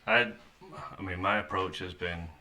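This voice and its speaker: Deep bright-toned man in halting chat. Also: little pitch movement. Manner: halting, many restarts. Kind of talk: casual podcast chat.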